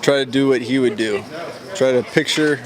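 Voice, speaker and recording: A man's voice: mid-range voice, normal speed, low-quality recording. A man, a poker player, answering interview questions with dry, playful teasing. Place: busy casino tournament room. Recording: loud crowd noise behind.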